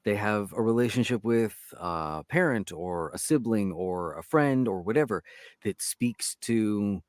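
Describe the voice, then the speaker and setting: A man, an audiobook narrator, chatting as a guest in a casual interview with an expressive, storyteller delivery. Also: lowish voice, measured pace, no room sound.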